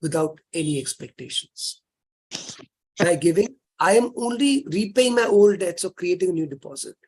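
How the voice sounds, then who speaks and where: Indian guy lecturing on religion, husky voice, earnest and coaxing, drops hindi words in. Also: sits high, expressive, brisk, darkish tone. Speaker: lecturer on Jain practice.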